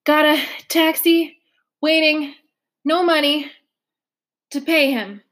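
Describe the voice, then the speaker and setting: A woman reading a novel aloud, voicing a flustered, breathy, heavyset foster mother who pleads and puffs. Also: sits high, expressive, normal speed, a bit bright. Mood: breathless. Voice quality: breathy, puffing. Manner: pleading, distressed.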